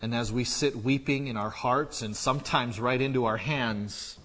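A male pastor preaching a sermon, moving from quiet reflection to loud, animated storytelling. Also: medium pitch, moderate pace. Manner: builds from quiet musing to loud excited storytelling. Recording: echoey hall reverb.

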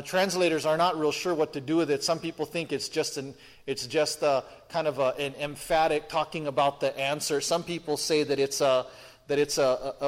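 A man preaching a sermon with a somewhat high voice. He talks in a chatty way, leans hard on key words and throws out rhetorical questions. The sound rings with the long reverb of a big hall. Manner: conversational, emphatic, rhetorical questions, frequent restarts.

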